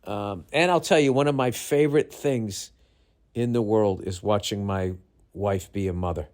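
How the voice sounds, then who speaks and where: Middle-aged man, low voice, tired and yawning, profane rambling podcast monologue. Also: normal speed. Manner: profane, rambling, animated storytelling with mimicked voices. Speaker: podcast host. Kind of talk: casual comedic monologue.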